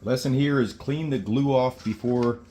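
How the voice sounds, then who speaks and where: A man building a guitar, talking casually to camera as he works and thinking aloud with pauses. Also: medium pitch, noisy background.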